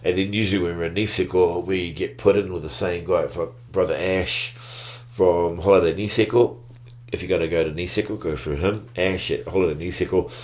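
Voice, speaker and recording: A man, telling a story in a relaxed, slangy way. He keeps it loose and casual, with sudden bursts of excitement. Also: sits low, a little fast. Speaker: guest.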